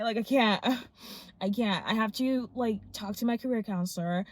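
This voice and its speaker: A young woman in her twenties chats straight into her phone's front camera, rambling and excited, her words tumbling out with lots of fillers. Her voice sits at an ordinary middle pitch. The sound is close and dry, with no room around it. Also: normal speed, no echo. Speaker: law student vlogger. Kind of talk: casual vlog chat.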